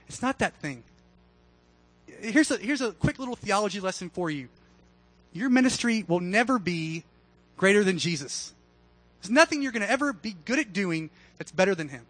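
Bright-voiced casual male preacher. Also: sits high, expressive, normal speed, long pauses, no room sound, rough recording. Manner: casual, conversational preaching with humor. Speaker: pastor. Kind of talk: sermon.

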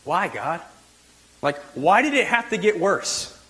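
Man acting out a reluctant leader, anxious, pleading, whiny, high voice. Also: sing-song, unhurried, fairly bright tone, big-room sound, full character voice. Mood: complaining.

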